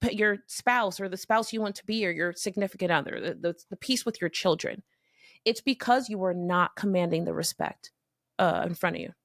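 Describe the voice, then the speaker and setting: A middle-aged woman from Miami talks straight to the listener in a candid, animated motivational monologue, swearing now and then. Her voice carries a gravelly fry, and the recording is close and dry. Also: medium pitch, no echo. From Miami, Florida. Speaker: podcast host.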